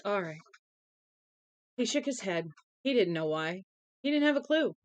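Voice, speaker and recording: A young woman's medium-pitched, very animated voice reads a novel aloud at a measured pace, over slight background noise in a rough recording. Though tired and yawning, she's chatty and keeps breaking off to talk casually with her live-stream chat.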